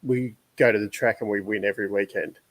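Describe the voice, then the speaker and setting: A man's voice: fairly low pitch, steady tone, brisk, fairly bright tone. A man co-hosting a casual motorsport podcast, chiming in with short, wry asides. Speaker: podcast co-host. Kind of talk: casual chat.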